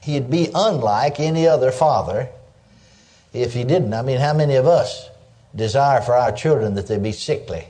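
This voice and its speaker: A man's voice: medium pitch, normal speed, dark tone. A man preaching a sermon, emphatic, breaking in with cries of praise and calling on listeners to answer him. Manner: calls for audience response.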